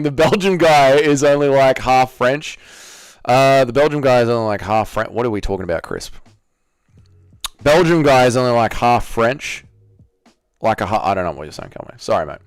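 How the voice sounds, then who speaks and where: A young Australian man hosting a casual livestream watch-along, excitable and swearing freely as he reads chat aloud. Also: a little high, clean tone, no room sound, clean studio sound. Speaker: livestream host.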